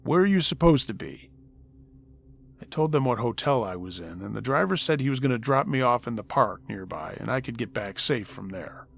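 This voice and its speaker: A man's voice: mid-range voice, animated, brisk, vocal fry, hardly any pauses, a bit bright. A man telling a first-person scary story aloud in a dramatic, conversational way. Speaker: storyteller host.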